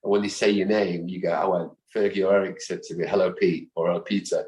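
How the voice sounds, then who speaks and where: Deep-voiced man telling animated stories. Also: fast talker. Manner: animated storyteller who acts out quoted voices. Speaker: guest, football fan. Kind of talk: casual interview anecdotes. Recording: echoey room.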